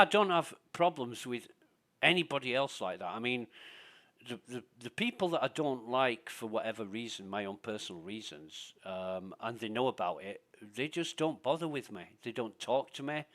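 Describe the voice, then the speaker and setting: A man's voice: medium pitch, expressive, moderate pace, a bit bright. A man chatting while streaming a game, blunt and venting with heavy swearing. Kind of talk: casual gaming chat.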